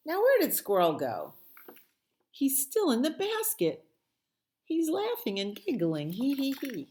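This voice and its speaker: A woman librarian reading a picture book aloud at a children's storytime, playful and expressive with sound words. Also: lowish voice, a little slow.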